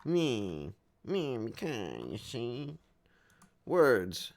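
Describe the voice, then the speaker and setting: A man commentates his game live, riffing and joking as he goes. His voice sits at an ordinary mid pitch, and he reads the in-game text aloud with playful asides. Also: sing-song, extremely slow, creaky. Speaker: game streamer.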